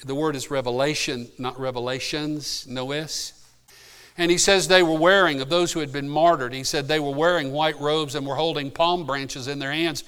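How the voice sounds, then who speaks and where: A male pastor delivering a sermon, moving from calm teaching to fervent, emphatic preaching, often repeating and restarting words. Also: on the high side, clear, resonant tone.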